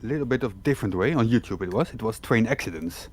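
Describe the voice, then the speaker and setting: A man's voice: lowish voice, animated, fast. A man joining a casual live stream chat as a guest, speaking in a dry, teasing way and laughing at his own jokes.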